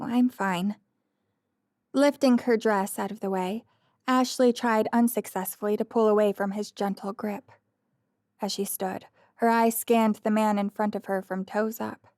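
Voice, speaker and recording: A woman reading a light romantic comedy audiobook in measured, expressive scripted narration. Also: fairly high pitch, no echo, clean studio sound.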